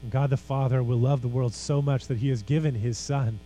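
A man's voice: medium pitch, steady tone, brisk, warm tone, a little hiss or hum, poor audio. A man preaching a sermon as pastor, earnest and emphatic, with casual conversational asides.

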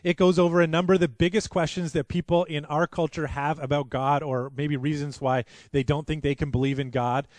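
A man's voice: on the high side, flat delivery, fairly quick, hardly any pauses, a little mellow, dry recording. A man preaching a sermon as pastor, earnest and conversational, with frequent restarts.

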